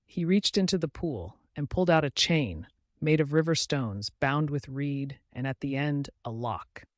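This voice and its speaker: A man narrating a folktale in a dramatic, measured way. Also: fairly high pitch, animated, no echo, clean studio sound. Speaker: storyteller.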